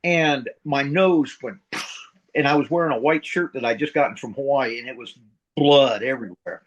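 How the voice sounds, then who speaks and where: A man's voice: medium pitch, normal speed, muffled recording. A middle-aged man from the central United States, a retired Marine sergeant major telling war stories in a casual interview, rambling, blunt and profane. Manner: rambling, profane, blunt, voices sound effects.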